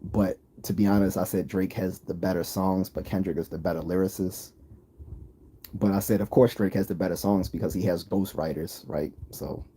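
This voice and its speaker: Male livestream host, East Coast accent; low, mellow, husky voice; rambling, opinionated chat with viewers. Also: steady tone, normal speed.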